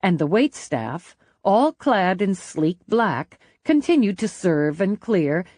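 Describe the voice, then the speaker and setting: A woman narrating a mystery audiobook in a measured, expressive manner, close to the mic. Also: mid-range voice, dry recording. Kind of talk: scripted narration.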